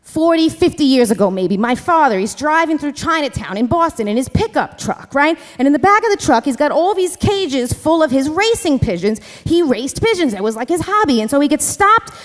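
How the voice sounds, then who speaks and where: Woman doing a calm, tough Boston bar guy. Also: very high-pitched, fairly quick, few pauses, big-room sound. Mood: explaining. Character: calm tough South Boston bar regular, pigeon seller.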